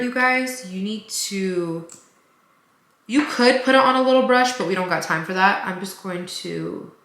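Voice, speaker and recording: A woman's voice: medium pitch, fairly bright tone, roomy sound. A woman chatting casually while doing her makeup in a get-ready-with-me vlog, rambling with lots of fillers. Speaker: beauty vlogger.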